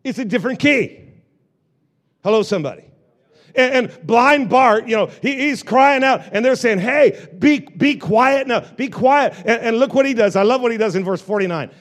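A male pastor preaching a lively sermon to a live congregation, repeating phrases and joking with the people in the pews. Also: extremely high pitch, a little fast. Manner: animated preaching with repetitions and asides to the congregation.

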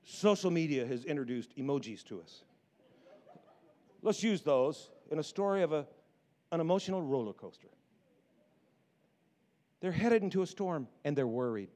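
A high-voiced man preaches with playful energy. He drops to hushed, wry asides and then bursts into excited shouts. His delivery is that of a pastor keeping a congregation laughing. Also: moderate pace, pauses often. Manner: animated, jokey, swings from hushed to shouting. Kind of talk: sermon.

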